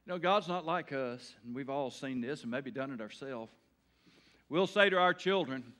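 A middle-aged male pastor preaching an evening sermon in a folksy way, swinging between loud emphatic bursts and quiet earnest talk. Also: fairly high pitch, unhurried, pauses often.

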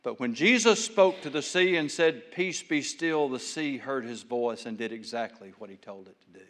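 A man preaching a sermon, telling folksy stories and swinging between loud bursts and hushed lines. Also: medium pitch, moderate pace, in a large hall. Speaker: pastor.

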